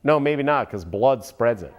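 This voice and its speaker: Animated, sarcastic man ranting. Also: medium pitch, measured pace, dull audio. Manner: animated, sarcastic, keeps addressing an unseen listener. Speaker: political commentary vlogger. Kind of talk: ranting commentary.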